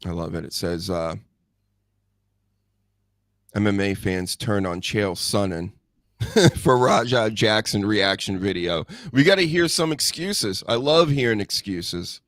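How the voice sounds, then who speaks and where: A man's voice: fairly low pitch, a little slow, a bit bright, dry recording, studio quality. A man hosting a live-stream podcast, commenting bluntly and profanely in a rambling casual way. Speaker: podcast host.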